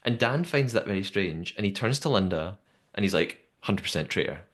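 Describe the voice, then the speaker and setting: A young man with a somewhat low-pitched voice hosts a podcast in a casual, talkative way. He recounts events in a lively storytelling manner, full of fillers and restarts. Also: moderate pace. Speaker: podcast host. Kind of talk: casual recap chat.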